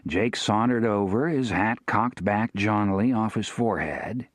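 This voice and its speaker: A man narrating a western novel as an audiobook, telling the story in a steady, expressive way. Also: lowish voice, unhurried, no room sound.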